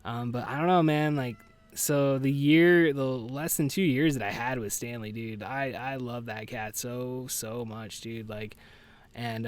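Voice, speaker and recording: A man with a medium-pitched, clean voice and no echo hosts a solo podcast from home, with farm animals nearby. Subdued and grieving, he rambles casually through the monologue, cursing often and peppering his talk with "dude" and "like."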